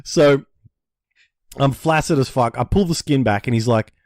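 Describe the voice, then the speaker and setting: A man telling a story in casual podcast chat. He swears freely and tells it in an animated way. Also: medium pitch, normal speed, no room sound, clean studio sound. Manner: animated, profane storyteller who acts out panicked voices. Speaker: podcast co-host.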